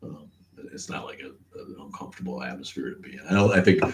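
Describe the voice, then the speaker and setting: A man's voice: rumbling low, lively intonation, quick pace, vocal fry, slight background noise. A man hosting a casual livestream, rambling, laughing often and greeting the chat. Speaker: livestream host.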